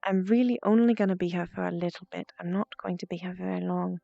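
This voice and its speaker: A woman streamer chatting casually with her viewers, stuttering and muttering, with soft asides dropped under her breath. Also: fairly low pitch, steady tone, fast, creaky, no room sound. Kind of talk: casual chat with stream viewers during VR role-play. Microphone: VR headset mic. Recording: dull lo-fi stream audio, faint music.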